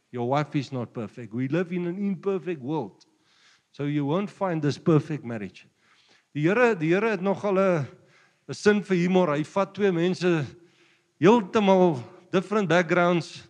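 Joking South African pastor in a hall. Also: male voice, fairly high pitch. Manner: switches between Afrikaans and English, jokey, laughs often. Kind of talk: sermon. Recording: long hall reverb.

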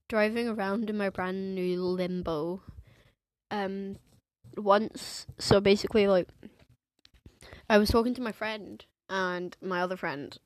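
Her medium-pitched voice stays fairly even as she talks slowly, leaving long pauses. She's an English teen hosting a casual podcast alone, rambling, restarting and filling gaps with fillers, all on a dry recording.

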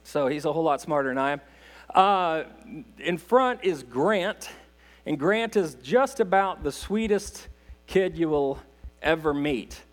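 A man's voice: a little high, animated, unhurried, soft background music. A man, a visiting missionary preaching in a church with folksy, self-deprecating humor. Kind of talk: sermon, casual storytelling. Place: church sanctuary.

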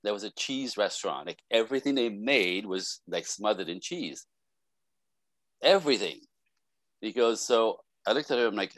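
A man speaking as a relationship expert guest in a casual podcast conversation, telling animated stories and acting out the voices of people he quotes. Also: on the low side, normal speed, long pauses, no echo.

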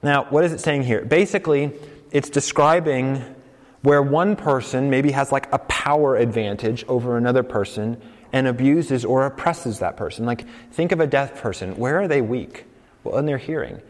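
A man from the United States preaching a sermon in a conversational, animated way. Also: medium pitch, normal speed, big-room sound. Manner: conversational and animated, acting out quoted voices. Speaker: pastor.

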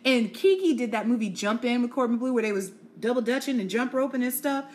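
A young adult woman hosting a casual solo podcast, gossiping in an animated way, laughing often and calling her listeners y'all, sis and honey. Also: fairly high pitch, brisk, slight background noise. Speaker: podcast host.

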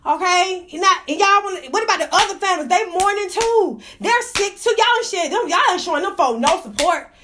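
A woman's voice: very high-pitched, animated, fairly quick, hardly any pauses, sharp tone, slight background noise. A woman hosting a casual gossip livestream from indoors, talking into her phone, profane and fired up, laughing often. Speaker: livestream host.

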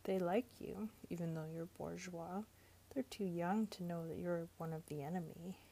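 A woman reading aloud and voicing a blunt, excitable young man who lectures and accuses, in her own husky, gravelly voice. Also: lowish voice, normal speed, a little hiss or hum. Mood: cocky. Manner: brash and accusing, then earnest.

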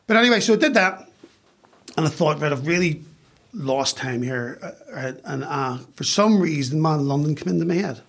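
Northern Irish man, middle-aged, husky, slightly high voice, chatty guest. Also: moderate pace. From West Belfast, Northern Ireland. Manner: chatty, self-mocking, animated retelling. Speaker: podcast guest. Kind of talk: casual storytelling.

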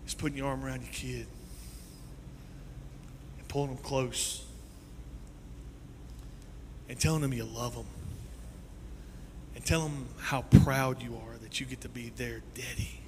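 A male pastor preaching a sermon in a church sanctuary. His delivery is animated and swings between loud and soft. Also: mid-range voice, unhurried, pauses often, a little hiss or hum. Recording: long reverb in a large hall.

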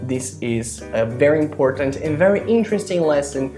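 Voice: medium pitch, animated. American-accented teacher, patient, repeats and drills words; faint music underneath. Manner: explains slowly, repeats words for practice. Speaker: English teacher. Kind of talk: online English lesson.

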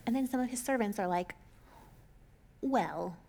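A woman casually retelling a Bible story in a chatty, jokey way, full of sarcastic asides and quick character voices. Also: on the high side, a little mellow.

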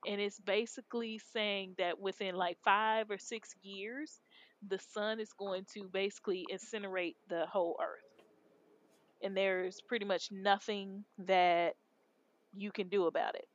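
Woman, from Texas, podcast co-host, casual rambling chat, slangy, muffled lo-fi audio. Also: medium pitch. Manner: rambling, slangy, laid-back.

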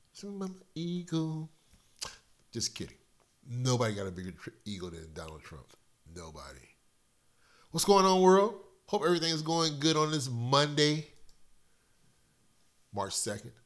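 Middle-aged male host, casual rambling monologue, a bit stuffy from a cold, medium-pitched voice. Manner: loose, profane, rambling storyteller with big swings in loudness. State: slightly congested from a cold. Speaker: podcast host. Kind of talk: casual solo podcast monologue.

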